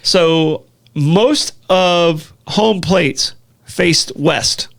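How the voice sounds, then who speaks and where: An American man co-hosting a casual talk show, chatty and quick to joke. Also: a little high, vocal fry. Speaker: co-host. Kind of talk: casual chat.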